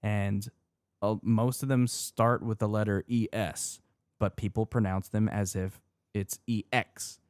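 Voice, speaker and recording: A man co-hosting a podcast in casual chat, animated, laughing as he rants, fussy about pronunciation. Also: on the low side, a little slow, no room sound, studio quality. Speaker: podcast co-host.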